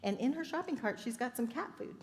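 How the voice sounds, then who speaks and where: A woman's voice: fairly high pitch, lively intonation, quick pace, darkish tone. A woman minister giving an upbeat sermon, telling stories and laughing often. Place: church sanctuary. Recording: echoey hall with faint ambience.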